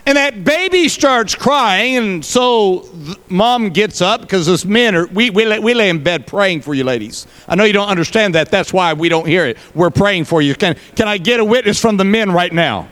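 A man's voice: high-pitched, animated, normal speed, hardly any pauses, fairly bright tone. A male pastor preaching a sermon, folksy, with joking asides to the congregation.

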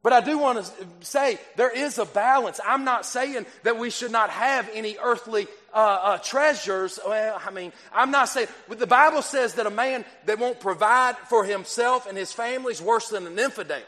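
A man's voice: very high-pitched, normal speed, hardly any pauses, bright, forceful tone. A man preaching a sermon in church, earnest and repeating himself, with frequent stumbles and restarts. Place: church hall. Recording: long hall reverb.

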